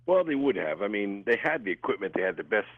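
A male radio guest calmly explaining things over the phone. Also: lowish voice, fast, no room sound. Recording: tinny phone line.

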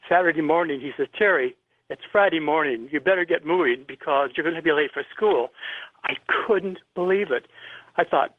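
An older man from Indiana calls in to a radio show and tells a personal story earnestly and vividly, clearing his throat now and then. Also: fairly high pitch, dry recording. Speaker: caller. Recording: tinny phone line, dry.

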